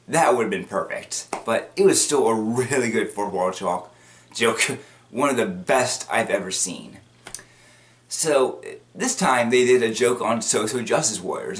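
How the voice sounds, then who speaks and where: A man's voice: lowish voice, a bit bright. A man casually recapping a cartoon episode, rambling and repetitive with many restarts, bursting into acted quotes. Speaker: video commentator.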